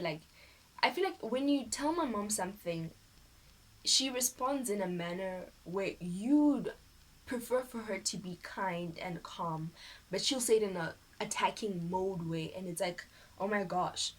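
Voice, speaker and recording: A young South African woman vlogging, telling a personal story in a lively, animated way and acting out the people she quotes. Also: medium pitch, rough recording. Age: teens. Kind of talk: casual storytelling vlog. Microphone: phone camera.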